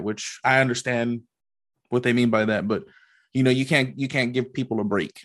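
A man co-hosting a casual podcast, talking loosely with lots of fillers and animated retellings. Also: mid-range voice, fairly quick. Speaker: podcast co-host. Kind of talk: casual chat.

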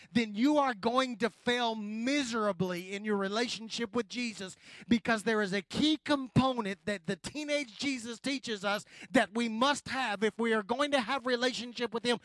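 A male pastor preaching a sermon, addressing the congregation directly and swinging from loud emphasis to quiet, slow lines. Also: very high voice, no room sound.

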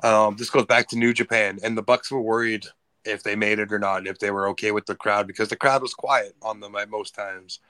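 A man's voice: on the low side, fairly even intonation, brisk, pushed and bright. A man co-hosting a wrestling podcast, telling a loose anecdote in casual chat. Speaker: podcast co-host.

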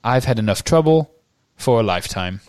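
A man voicing a weary teenage boy wizard in a quiet, subdued way. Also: medium pitch, lively intonation, fairly quick, smooth, no room sound, clean studio sound, close to an everyday voice.

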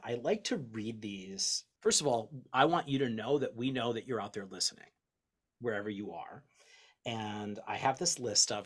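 A man hosting a casual podcast chat, excitable, swearing freely and reading out long lists. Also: lowish voice, husky. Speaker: podcast host.

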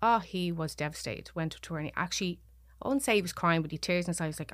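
A woman with a Dublin Irish accent, a podcast guest telling a personal story, soft-spoken and often dropping to near whispers. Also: low-pitched, fast, no room sound, studio quality. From Ireland.

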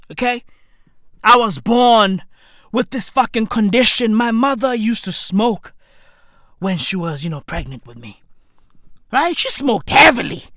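A woman rambles through a loud comic monologue, circling back on her own words and swearing freely. Her voice sits high and swoops all over the place. She takes her time, and the sound is close and dry. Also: dry recording. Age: 30s. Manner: loud, rambling, repeats herself, swears, slangy.

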